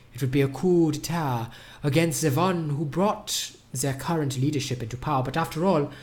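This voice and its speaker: A man performs a scheming would-be dictator in a put-on German accent, reciting his plans for a coup in a deadpan, even poetry-reading voice. The pitch sits in the middle of the range. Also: natural voice.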